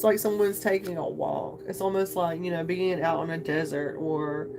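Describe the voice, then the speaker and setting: A woman's voice: fairly low pitch, steady tone, moderate pace, very noisy. A woman hosting a live tarot reading stream, chatting casually and rambling to her viewers. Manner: chatty, rambling, addresses viewers as you guys. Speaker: tarot reader livestream host. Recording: singing bowl music playing behind.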